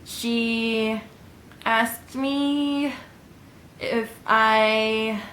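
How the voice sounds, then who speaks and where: A woman's voice: fairly high pitch, steady tone, extremely slow, fairly bright tone, a little hiss or hum. A woman in her twenties giving casual advice in a vlog, chatty and rambling with frequent ums. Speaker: vlogger. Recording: echoey room.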